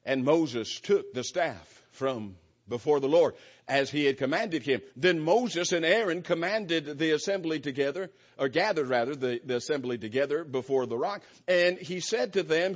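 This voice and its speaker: A man delivers an earnest sermon and reads scripture aloud with firm emphasis. His voice sits a little high for a man. The recording is muffled and lo-fi. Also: expressive, moderate pace. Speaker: preacher. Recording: dull lo-fi church recording.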